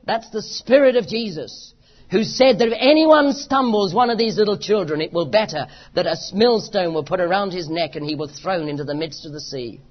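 Heard on a dull lo-fi recording, a preacher with a British accent speaks in a mid-range voice at a moderate pace. He preaches with impassioned emphasis, repeating phrases again and again.

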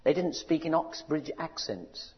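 Preacher in a big echoing hall. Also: male voice, fairly high pitch, lively intonation, unhurried. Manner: rousing, rising to loud cries; asks the audience questions. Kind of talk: sermon. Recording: dull recording in a large reverberant hall.

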